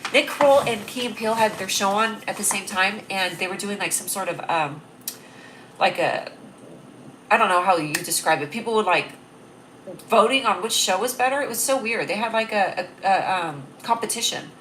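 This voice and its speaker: A young woman hosts a casual comedy livestream, talking straight into a close webcam. Her voice is bright and forceful, and she rambles cheerfully, laughing at her own jokes. A faint hiss sits under the recording. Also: mid-range voice, moderate pace. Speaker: livestream host.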